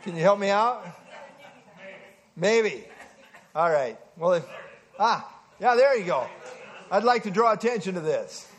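Man, high-pitched, leading an evening Bible study; casual teaching voice, quizzes the group, lots of "uh" fillers. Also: big pitch swings, unhurried, long pauses. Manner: conversational, asks the group questions, frequent "uh" fillers.

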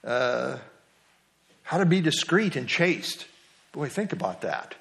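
A man's voice: a little high, sing-song, slow pace, vocal fry, a bit bright. Man teaching a conversational Bible class. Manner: conversational, quizzes the class and jokes. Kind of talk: interactive Bible study lesson.

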